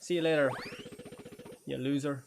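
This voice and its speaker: A man's voice: mid-range voice, steady tone, normal speed, vocal fry, faint music behind. A young man, streaming a game with crude jokes and frequent laughter. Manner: crude, joking, laughs often. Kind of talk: live gameplay commentary.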